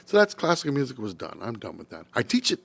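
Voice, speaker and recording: A man's voice: mid-range voice, wildly swooping pitch, quick pace, gravelly, fairly bright tone, husky, dry recording. An older man, a guest musician, telling a story in a podcast interview and acting out the voices of people he quotes.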